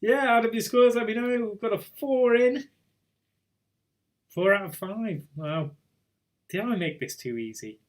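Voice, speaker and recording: A man's voice: high-pitched, animated, a little slow, long pauses. A man hosting a casual online pub quiz over a video call, chatty and teasing as he reads out scores. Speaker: quiz host.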